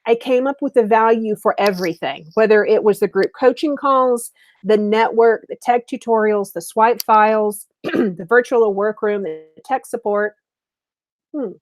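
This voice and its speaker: Chatty woman business coach pitching. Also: measured pace, darkish tone, no echo. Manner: upbeat, chatty, addresses viewers directly. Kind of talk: webinar sales pitch.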